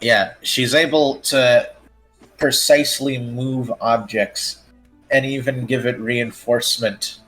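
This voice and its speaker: A man cutting in with crude, blunt jokes and plenty of swearing. His voice sits mid-pitched, with a faint trace of music behind it. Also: steady tone, fairly bright tone, poor audio. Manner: profane, quick blunt jokes. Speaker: co-host. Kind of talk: crude casual commentary.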